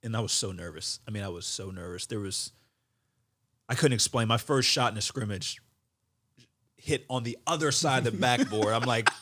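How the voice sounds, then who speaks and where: A man, a former pro basketball player, telling animated stories as a podcast guest and laughing often. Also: fairly low pitch, moderate pace. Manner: animated storyteller, acts out quoted voices, laughs often. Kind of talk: storytelling interview.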